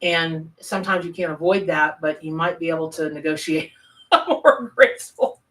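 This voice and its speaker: A woman's voice: sits low, normal speed, fairly bright tone, far from the mic, rough recording. A woman from the American South with a Southern accent, hosting a live tarot reading and chatting casually with viewers as she reads their comments. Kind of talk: live-stream chat and reading.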